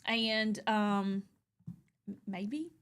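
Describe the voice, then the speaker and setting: An older woman co-hosting a casual chat, telling animated stories and acting out what people said. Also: mid-range voice, very slow, slight background noise. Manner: chatty, animated storyteller, acts out quotes.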